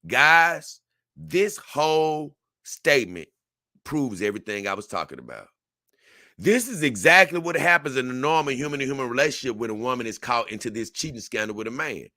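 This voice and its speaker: Animated man with a bright voice. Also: mid-range voice, moderate pace, no echo, studio quality. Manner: animated, conversational, reads a text aloud and reacts to it. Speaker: livestream host. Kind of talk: casual livestream commentary.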